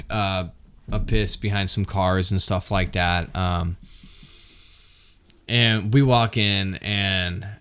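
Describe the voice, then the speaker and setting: A man's voice: lowish voice, clean tone. A man telling a rowdy story casually, laughing often and peppering it with swearing. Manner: animated, laughs often, swears and says "freaking".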